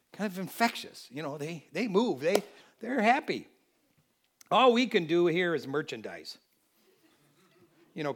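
A Christmas sermon comes from an American preacher whose voice sits high. He's lively throughout, bouncing between loud outbursts and soft side remarks.

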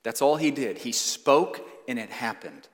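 Earnest pastor preaching in a reverberant church. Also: male voice, mid-range voice, lively intonation. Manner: earnest, emphatic preaching with slow stressed phrases. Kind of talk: sermon. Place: church sanctuary. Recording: long church hall reverb.

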